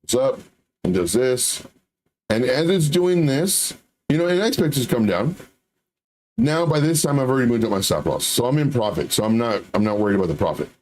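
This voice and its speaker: A middle-aged man talks through trading in a loose, conversational way. He repeats phrases and slips into animated little quoted voices. His pitch sits right in the middle for a man. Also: fairly quick. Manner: conversational, repetitive, lively acted-out quotes. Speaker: trading channel host. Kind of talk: casual live market talk.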